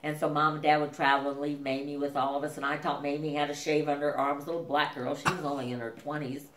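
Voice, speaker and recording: A middle-aged woman telling family memories in a halting, casual way, full of fillers and acted-out quotes. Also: low-pitched, little pitch movement, a bit bright, roomy sound.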